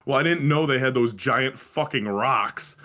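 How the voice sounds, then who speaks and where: A man's voice: mid-range voice, unhurried, pushed and bright. A young man co-hosting a casual podcast, telling rambling stories full of swearing and fillers. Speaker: podcast co-host. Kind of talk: casual chat.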